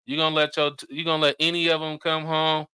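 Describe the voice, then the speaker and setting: A man's voice: fairly high pitch, monotone, fast talker, bright, forceful tone, clear, resonant tone. A man hosting a casual podcast, talking loosely and rambling in slang with lots of fillers. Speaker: podcast host.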